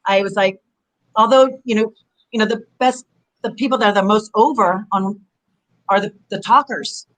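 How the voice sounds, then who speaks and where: Middle-aged woman, ex-wrestler guest, chatty and rambling, mid-pitched, video-call interview. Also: normal speed, rough recording. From Southern California. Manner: rambling, animated storyteller. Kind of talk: casual interview chat.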